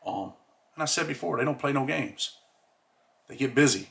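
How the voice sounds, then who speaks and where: Brief: male host with a bright, forward voice and a streetwise, slangy manner. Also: mid-range voice, a little fast, gravelly. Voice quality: streetwise slang, says "man" often. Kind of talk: casual monologue.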